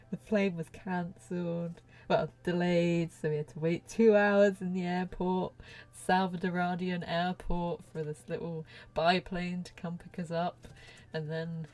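A woman's voice: on the low side, a little mellow. A woman chatting casually through a gameplay session as a let's play host, laughing often and now and then dropping to a near whisper.

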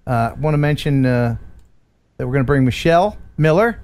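A man's voice: medium pitch, animated, moderate pace, darkish tone. A man hosting a live stream, chatting and joking with a guest and reading viewer messages. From USA. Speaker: host.

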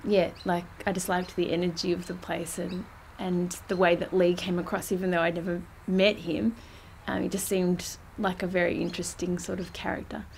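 A woman's voice: on the low side, level tone, moderate pace, creaky, a little mellow, a little hiss or hum. A young woman shyly recalling a story in a documentary interview, with lots of fillers and restarts. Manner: hesitant, shy, many fillers and restarts. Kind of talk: documentary recollection.

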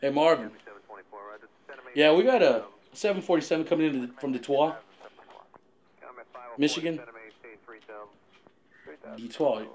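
A man acting in a scripted comedy sketch, talking calmly and then erupting into shouted tantrums at people who are not heard. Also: on the high side, normal speed, long pauses, soft background music. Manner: talks to unseen people on phone and field.

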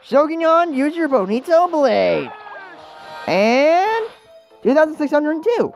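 A woman's voice: high-pitched, sing-song, slow. A woman giving casual let's-play commentary, chatty and rambling, who mocks herself and talks to the game characters. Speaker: gaming channel host. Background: game music.

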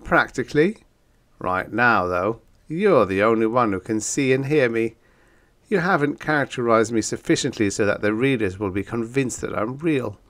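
A man's voice: medium pitch, lively intonation, normal speed, a bit bright, close to an everyday voice. A man voicing a wisecracking bug-eyed male monster in an audiobook, breezy and matter-of-fact. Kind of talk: audiobook character voice.

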